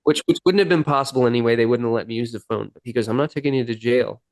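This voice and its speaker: A man's voice: medium pitch, racing, no echo. Earnest man telling a recovery story. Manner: earnest, emotional retelling with quoted dialogue. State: near tears at times. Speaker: podcast guest, musician. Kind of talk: storytelling in a sit-down interview.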